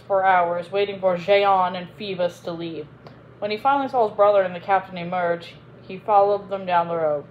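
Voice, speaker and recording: Expressive woman reading a storybook aloud. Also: on the low side, normal speed, dull audio, slight background noise.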